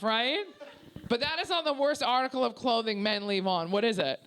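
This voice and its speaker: A woman's voice: a little high, normal speed. A young woman doing a crude, brash stand-up set at a small comedy venue, often laughing at her own jokes.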